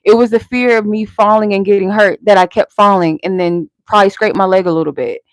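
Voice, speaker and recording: A woman's voice: medium pitch, steady tone, a little fast, no room sound. A woman hosting a live tarot stream, giving casual spiritual guidance in a candid, encouraging way with some swearing. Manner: candid, conversational, salted with swearing; encouraging, motivational.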